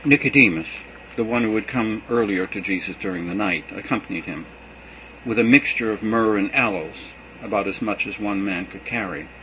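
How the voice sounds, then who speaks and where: A man giving an expressive, dramatic reading of scripture. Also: on the low side, normal speed, a little hiss or hum, low-quality recording. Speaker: scripture reader.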